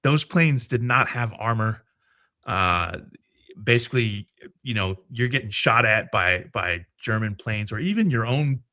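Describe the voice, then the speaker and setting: A podcast co-host with a medium-pitched voice tells a story in casual livestream chat, cursing freely and restarting his sentences as he goes. The recording has no echo, but the highs are cut off.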